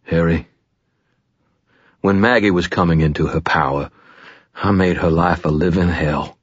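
A gruff older wizard mentor, voiced by a man speaks bluntly in a very low, husky voice. He is low-key and bitter rather than loud. The sound is dry and a little dull. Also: steady tone, a little slow, no echo. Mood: regretful.

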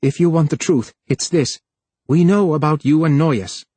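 A male narrator voicing a plump, scheming male official who sneers and then pleads in a higher voice. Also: normal speed, warm tone, slightly rough, dry recording. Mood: scornful.

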